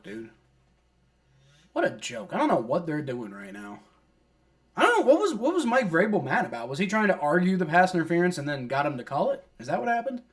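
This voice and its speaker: A man giving live play-by-play of a football game as a fan, exasperated, complaining and swearing casually. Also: a little high. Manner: exasperated, complaining at refs and players; swears casually, many fillers like "like". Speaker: fan streamer doing play-by-play.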